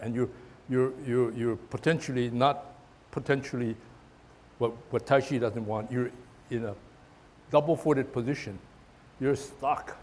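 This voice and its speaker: A man's voice: medium pitch, a little mellow, a little hiss or hum. Man teaching tai chi, demonstrating as he talks. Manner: explanatory, demonstrating moves as he talks; repeats himself and restarts often.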